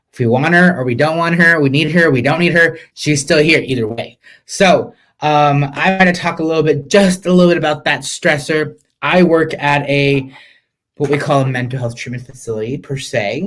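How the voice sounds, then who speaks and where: A man hosting a casual live-stream podcast, sassy and chatty, calling viewers "sis" and slipping in Spanish words. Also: a little high. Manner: expressive, mixes in Spanish words. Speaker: podcast host, chef.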